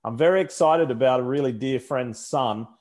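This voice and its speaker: A man's voice: medium pitch, moderate pace, darkish tone. An Australian man, a motorsport commentator, chatting casually and rambling with frequent self-corrections. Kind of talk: casual chat.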